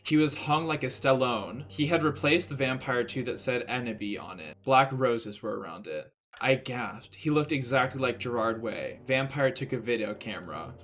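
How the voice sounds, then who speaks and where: A man's voice: mid-range voice, normal speed, hardly any pauses, a bit bright. A male streamer giving a mock-serious comic dramatic reading of fan fiction.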